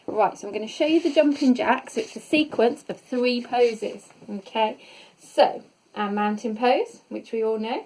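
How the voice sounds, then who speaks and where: A woman's voice: medium pitch, a little mellow, poor audio. A woman leading an online yoga class, upbeat and encouraging as she calls out poses. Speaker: yoga instructor. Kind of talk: online fitness class instruction.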